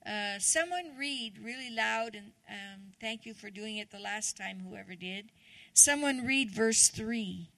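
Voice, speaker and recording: A woman's voice: medium pitch, measured pace, creaky, sharp tone, no room sound. A woman guest preacher giving a chatty, conversational sermon, often asking the congregation questions.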